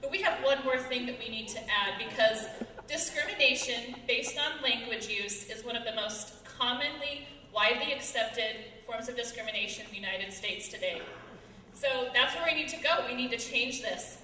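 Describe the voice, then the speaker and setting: A woman's voice: a little high, pushed and bright, slight background noise. Earnest young woman speaking in a hall. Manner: earnest, quick, laughing now and then. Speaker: student speaker. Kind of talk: short persuasive stage talk. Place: large hall with audience. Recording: echoey hall from far off.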